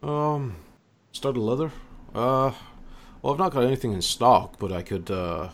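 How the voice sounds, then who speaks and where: A man playing a gruff human blacksmith who greets customers and offers to make things. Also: mid-range voice, measured pace, voice pushed up, lightly acted. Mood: welcoming.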